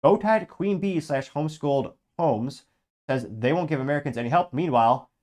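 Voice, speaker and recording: On his own political commentary show, a man with a slightly high, animated voice and darkish tone reads out viewer comments. Running on lots of coffee and over-caffeinated, he is rapid, blunt and sarcastic.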